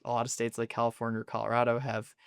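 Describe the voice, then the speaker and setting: A man's voice: medium pitch, completely flat delivery, very fast, gravelly, clear, resonant tone, no room sound. A young man hosting a podcast, talking things through in a thoughtful, analytical way with frequent laughs. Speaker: podcast host. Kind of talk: casual conversation.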